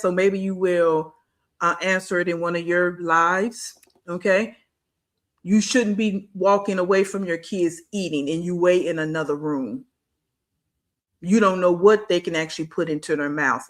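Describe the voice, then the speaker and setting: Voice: mid-range voice, fairly bright tone. Blunt, scolding reaction-channel host. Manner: blunt, scolding, rhetorical questions; casual slang. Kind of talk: casual commentary. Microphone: streaming setup mic.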